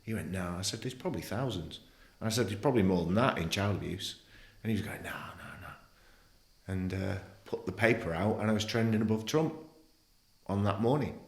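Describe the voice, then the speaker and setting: A man in his fifties speaks as a podcast guest, blunt and animated, with frequent swearing. His voice sits on the low side. The room around him rings with a noticeable echo. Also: fairly quick. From England. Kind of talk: candid interview conversation.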